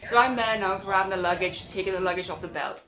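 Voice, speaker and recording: A woman's voice: medium pitch, fast talker, fairly bright tone, a little hiss or hum. A young woman with a Welsh accent telling a story to her viewers in a chatty, rambling way, talking to them as guys. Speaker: vlogger. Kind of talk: casual storytime.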